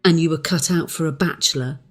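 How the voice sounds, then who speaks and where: A man's voice: on the high side, fairly bright tone, soft background music, voice pushed up. A man putting on a brusque matter-of-fact woman servant. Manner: brusque, scolding, quick retorts. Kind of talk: audiobook character voice.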